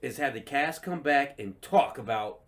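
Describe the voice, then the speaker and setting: Animated swearing man on a podcast. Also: moderate pace. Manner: animated, swearing, acts out quotes in high voices. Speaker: podcast co-host. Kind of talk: casual drinking-podcast chat.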